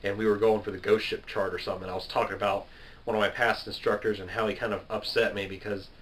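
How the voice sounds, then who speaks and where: A man's voice: lowish voice, flat delivery, quick pace, fairly bright tone, a little hiss or hum, rough recording. Rambling, chatty man in his twenties. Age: 20s. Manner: chatty, self-deprecating, laughs at himself and drifts off topic. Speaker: gaming video creator answering viewer questions. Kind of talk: casual rambling Q&A to camera.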